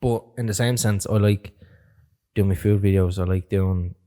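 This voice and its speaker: A young man, an animated storyteller who swears freely and laughs a lot while chatting as a podcast guest. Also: sits low, moderate pace. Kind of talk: casual chat.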